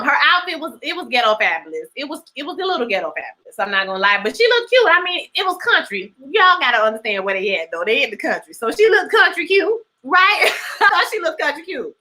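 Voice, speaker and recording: A woman hosting a casual livestream, recapping a TV episode in an animated, sassy way and greeting her live chat. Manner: animated, sassy, swings pitch for emphasis.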